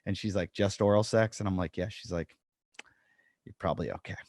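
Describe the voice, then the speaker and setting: A man's voice: lowish voice, fairly even intonation, fairly quick, a little mellow, dry recording, clean studio sound. A man co-hosting a podcast, telling a funny story in casual chat and acting out the quotes. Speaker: podcast co-host, comedian.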